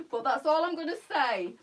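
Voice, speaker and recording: A middle-aged woman chats on a live stream at a middling pitch. She talks in a rambling way and greets viewers by name as she goes. She sounds like a boutique owner hosting a casual stream. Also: fairly bright tone.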